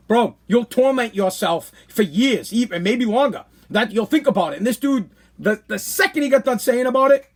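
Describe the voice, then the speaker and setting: A middle-aged man hosting a podcast, giving blunt, animated advice with lots of repetition. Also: very high-pitched, brisk. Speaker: podcast host. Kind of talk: casual livestream monologue.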